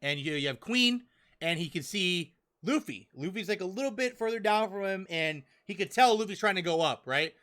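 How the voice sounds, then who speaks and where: A young man hosting a podcast, chatting casually and excitedly as he talks through a manga chapter, often acting out characters' lines. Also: high-pitched, normal speed. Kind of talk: casual chat.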